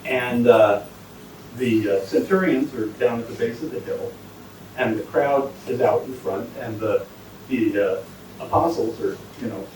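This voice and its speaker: A man's voice: medium pitch, measured pace, darkish tone, a little hiss or hum. A man doing a stand-up comedy set, rambling and interrupting himself as he tells jokes. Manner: rambling, self-interrupting storyteller. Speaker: stand-up comic. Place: comedy night venue, indoors. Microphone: iPhone recording from too far away. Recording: distant, echoey phone recording.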